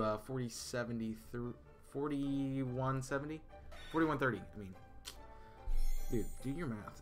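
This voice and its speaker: Man, game streamer, casual live chat, bright tone, rambling with fillers, faint background music. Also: medium pitch. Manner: chatty, answers chat, many fillers and restarts.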